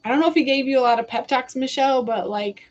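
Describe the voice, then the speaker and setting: A woman's voice: high-pitched, quick pace, highs cut off. A young woman giving psychic readings on a live stream, chatty and giggly, often quoting spirits in a casual voice. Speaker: psychic reader.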